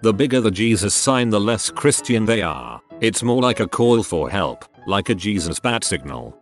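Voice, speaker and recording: A man narrating online posts as scripted storytelling, with a lively delivery. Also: on the low side, normal speed. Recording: faint music bed behind.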